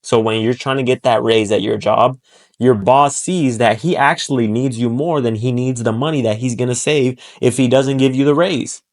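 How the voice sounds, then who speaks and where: Guy doing a blunt motivational rant, swears a lot, keeps repeating his point, normal pitch. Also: moderate pace. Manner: blunt and profane, acts out short quoted voices; emphatic, repeats key points. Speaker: self-improvement speaker. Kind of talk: motivational monologue.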